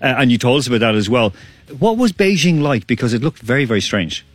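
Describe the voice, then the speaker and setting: An Irishman co-hosts a sports radio show, rambling casually, laughing often and talking fast. His mid-range voice swings widely in pitch. Recorded on a studio mic with no echo, there's faint music in the background.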